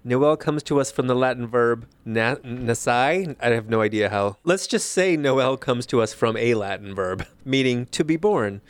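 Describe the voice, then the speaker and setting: A man's voice: medium pitch, no echo. A man co-hosting a podcast in casual chat, teasing his partner with a dry wit. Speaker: podcast co-host.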